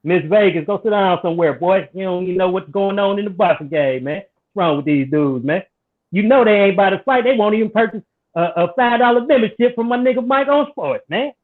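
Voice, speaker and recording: A man's voice: high-pitched, a little fast. A man joining a casual boxing talk show, speaking bluntly with profane trash talk. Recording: tinny phone line.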